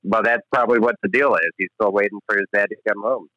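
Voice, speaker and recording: A man's voice: fairly low pitch, fairly even intonation, fast, no room sound, dull audio. A laid-back man co-hosting a podcast, chatting crudely about a movie. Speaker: podcast co-host. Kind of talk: casual movie-review chat.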